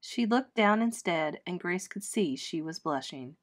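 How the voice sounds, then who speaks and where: Teacher reading a children's story aloud. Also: female voice, lowish voice, a little slow. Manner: expressive, clear storytelling.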